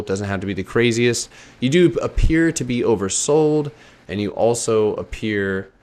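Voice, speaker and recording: A man with a lowish voice hosts a trading livestream, walking through stock charts in an easygoing way. He keeps it loose and chatty, often joking back at the comments. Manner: laid-back, joking with chat, laughs often. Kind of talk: casual livestream chart review.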